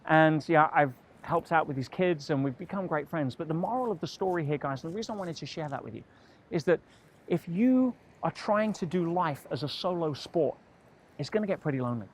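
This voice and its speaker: A motivational speaker tells a personal story straight to camera, slipping into different voices for each person he quotes. His voice sits a little high for a man, and a faint ambience hums under it. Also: fairly quick, slight background noise. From England. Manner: animated, acts out dialogue in quoted voices.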